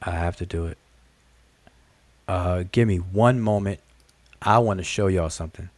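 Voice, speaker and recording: A live-stream teacher with a low-pitched male voice, moderate pace, and no echo. He speaks to his viewers directly, leaning on repetition and questions, and in an animated way calls out "look, look" while calling them "y'all" and "family."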